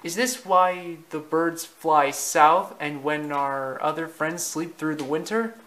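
A man voicing a young male fawn, raising his voice high and asking eager questions. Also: slow pace, fairly bright tone. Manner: high, wide-eyed questioning.

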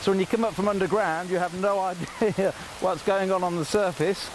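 A man's voice: high-pitched, steady tone, fairly quick, noisy background. A man from England presenting on location from an underground mine, chatty and curious. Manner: chatty, curious, asks many questions. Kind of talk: casual on-location chat.

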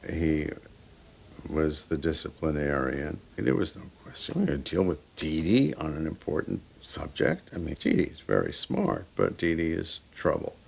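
A man's voice: extremely low pitch, very animated, normal speed, vocal fry, slightly rough. A man in a documentary interview, telling blunt, emphatic stories.

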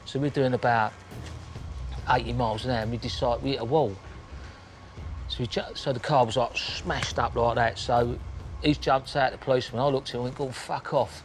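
A man bluntly recounting his own story in casual talk, swearing often and acting out what people said. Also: mid-range voice. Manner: blunt, swearing, acts out scenes with quick quoted voices. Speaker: interviewee recounting his crimes.

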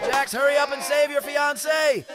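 A man hosting a reaction video, calling out excitedly at clips and pleading with viewers to subscribe. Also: extremely high pitch, moderate pace, loud music behind the voice. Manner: exclamatory, keeps begging viewers to subscribe.

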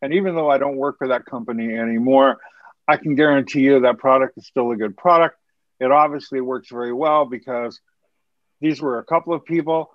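A man's voice: medium pitch, brisk, dry recording, highs cut off. A man co-hosting a casual podcast, talking earnestly and a little preachily about his trade, rambling with restarts and the odd laugh. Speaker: podcast co-host, hair color educator.

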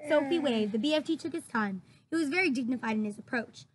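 A woman teacher reads a children's book aloud to her students, expressive and breaking off for chatty asides. Her voice sits high. Faint ambient noise hums behind her. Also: fast, poor audio. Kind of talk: read-aloud storytelling for students.

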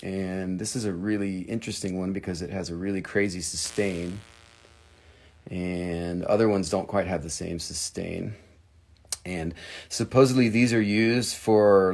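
A man hosting a casual live stream from home, chatting in a playful, joking, rambling way. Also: low-pitched. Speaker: live-stream host selling stones.

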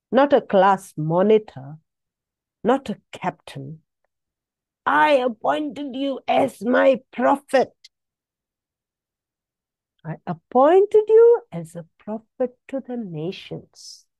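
A woman's voice: mid-range voice, mellow, no room sound. A woman preaching a sermon, exhorting with emphatic repetition and sudden rises in her voice.

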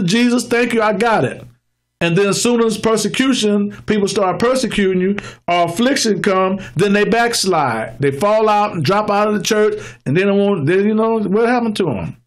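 A male pastor preaching a sermon, explaining scripture through everyday examples and slowing down to read the verses. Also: sits high.

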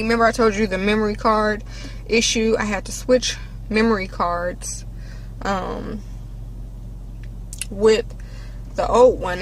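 A woman's voice: mid-range voice, slight background noise, rough recording. A woman vlogger chatting casually and rambling through her day with self-deprecating asides, filming on a handheld camera from inside a car. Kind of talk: casual vlog chat. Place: inside a car while driving. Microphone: handheld camera or phone.

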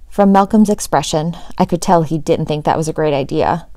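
A teacher reading a children's chapter book aloud with steady, expressive storytelling, close to the mic. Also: female voice, sits low, fairly quick, few pauses, dry recording.

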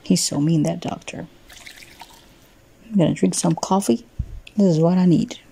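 A woman's voice: fairly low pitch, fairly even intonation, moderate pace, gravelly, dark tone, slight background noise. A woman voicing a frustrated young male intern in a life-sim game who complains about mopping floors instead of treating patients. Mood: complaining. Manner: indignant complaining.

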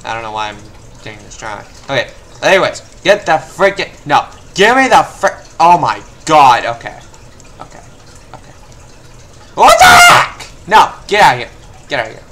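A young man commenting on his own gameplay, muttering to himself and breaking into frustrated outbursts. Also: medium pitch. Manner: frustrated, swings from mumbling to yelling. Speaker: gameplay video host. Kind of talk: let's play commentary.

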